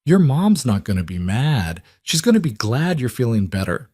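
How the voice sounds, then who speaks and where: A man voicing a calm, steady single father in a narrated story, speaking in a reassuring way. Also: mid-range voice, normal speed, slightly rough, no room sound, clean studio sound.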